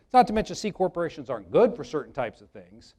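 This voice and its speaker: A man's voice: a little high, sing-song, fast, dark tone. Man giving a chatty seminar talk. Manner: conversational, jokey storytelling, talks to the audience. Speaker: attorney presenting a workshop. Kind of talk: live seminar talk with anecdotes.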